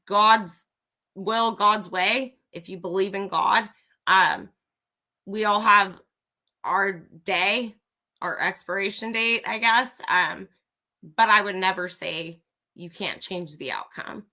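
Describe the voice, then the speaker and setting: With a sharp tone and slow pace, a medium-pitched woman hosts a livestream. She's ranting, bluntly and profanely sharing her opinions directly with viewers.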